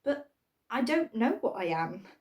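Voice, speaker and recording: A woman gives voice to a small, shy, bluish-grey creature unsure of herself during a storybook reading. Her delivery is unhurried and slightly mellow with big pitch swings, high, timid and hesitant, yet earnest.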